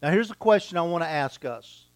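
A man preaching an expository sermon, teaching deliberately and repeating key words for emphasis. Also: fairly high pitch, lively intonation, no echo.

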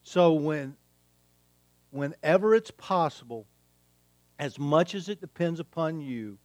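A man's voice: a little high, expressive, takes it slowly, dry recording. A man preaching a sermon, emphatic and repeating his key phrases. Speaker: pastor.

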